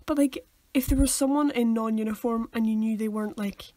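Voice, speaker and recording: A woman's voice: on the high side, a little fast, mellow. A woman, co-hosting a casual, giggly podcast chat. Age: 20s. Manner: chatty, giggly, acts out quoted voices. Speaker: podcast co-host.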